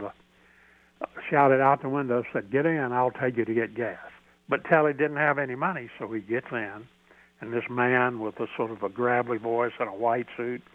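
An older man with a Southern American accent, telling a story as a radio guest in a folksy, halting way with many restarts. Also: mid-range voice, dry recording. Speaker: podcast host, radio guest. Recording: dry tinny phone line.

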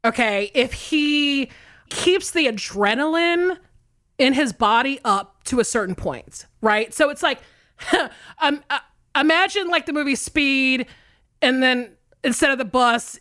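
A woman co-hosting a podcast in casual, animated chat, laughing often and swearing freely as she recaps a film. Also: sits high, measured pace. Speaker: podcast co-host. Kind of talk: casual movie-discussion chat.

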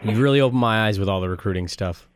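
A man's voice: lowish voice, very fast, clear, resonant tone. A man hosting a casual sports podcast, eager and talkative, reading listener questions aloud. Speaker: podcast host.

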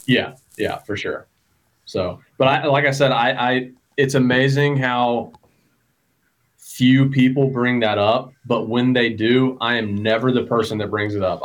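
A man from Georgia with a Southern accent, a guest on a hunting podcast telling stories in a relaxed way. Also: medium pitch, normal speed. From Georgia, USA. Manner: relaxed storyteller, frequent restarts. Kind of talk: casual podcast chat.

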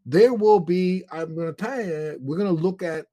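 A man's voice: sits high, moderate pace, dark tone. A man hosting an interview, asking questions and musing in a casual chat. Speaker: talk show host.

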